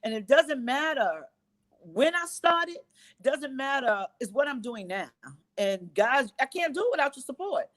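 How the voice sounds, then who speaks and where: A woman's voice: high voice, very animated, measured pace, fairly bright tone. A woman in her fifties, a guest on a live-stream interview, talking in an effusive, emotional way and repeating phrases for emphasis. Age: 50s. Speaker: guest business owner.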